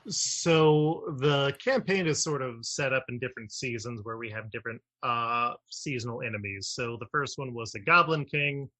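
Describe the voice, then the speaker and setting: Husky guy guesting on a gaming podcast, dry deadpan jokes, middle pitch. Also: moderate pace, hardly any pauses. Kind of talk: casual tabletop gaming podcast.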